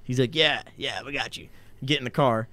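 A man's voice: medium pitch, brisk, pushed and bright. A young man in his twenties tells a story to his friends in a loose, meandering way. He fills the gaps with "like" and swears casually. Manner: rambling, profane, heavy on filler "like".

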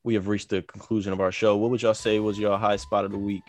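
A man's voice: on the low side, flat delivery, quick pace, no echo, soft background music. A man co-hosting a podcast in laid-back, slangy, rambling casual chat. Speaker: podcast co-host.

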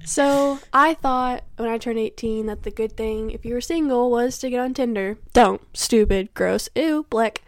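A woman, telling a dating story in casual podcast chat, animated and laughing often. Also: on the high side, normal speed, few pauses, no echo, clean studio sound. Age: 20s. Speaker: podcast co-host.

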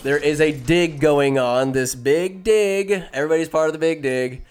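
Man host, rambling comic recapper, smooth mid-pitched voice. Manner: rambling, jokey asides, self-interrupting.

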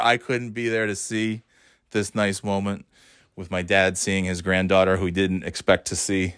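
A man's voice: deep voice, flat delivery, moderate pace, fairly bright tone, clear, resonant tone, no echo, clean studio sound. A middle-aged man casually recounting a family holiday in a rambling, chatty way, often laughing and acting out what people said. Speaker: parent telling a family story. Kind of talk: casual storytelling vlog. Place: warm indoor room.

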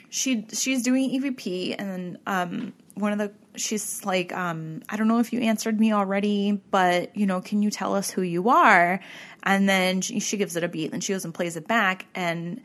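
A woman's voice: medium pitch, unhurried. A woman in casual conversation, telling a story animatedly and acting out what people said, with many fillers. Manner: animated, acts out quoted people, frequent likes. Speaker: podcast co-host.

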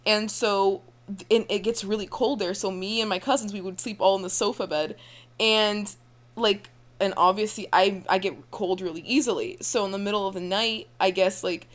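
A woman's voice: mid-range voice, fairly even intonation, normal speed. A young woman co-hosting a casual podcast chat, rambling with lots of fillers and frequent laughs. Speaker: podcast co-host.

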